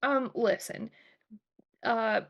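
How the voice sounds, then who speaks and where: Woman player, hesitant and giggly, slow-talking and slightly high. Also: gravelly, dull audio. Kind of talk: casual tabletop play.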